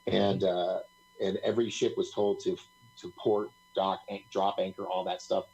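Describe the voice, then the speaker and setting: A man's voice: low-pitched, little pitch movement, normal speed, vocal fry, a little mellow, slightly rough, muffled recording. A man talking as a guest on a live talk stream, rambling through stories, laughing often and acting out what other people said.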